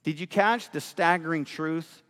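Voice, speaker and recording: A man's voice: fairly high pitch, a little slow, fairly bright tone, long reverb tail. A pastor preaching a sermon with rising emphasis, his voice carried through a large church sanctuary.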